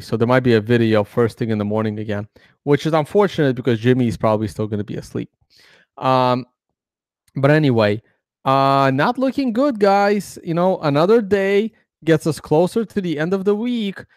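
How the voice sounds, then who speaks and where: A man's voice: a little high, darkish tone, no room sound, studio quality. Rambling man talking through trading charts. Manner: rambling, many fillers and restarts. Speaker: crypto trading video host. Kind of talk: casual chart analysis commentary.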